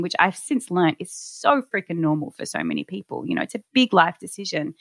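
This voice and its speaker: A woman's voice: low voice, dry recording. A young adult woman speaking candidly and reflectively about her own experiences, in a personal storytelling style with frequent restarts.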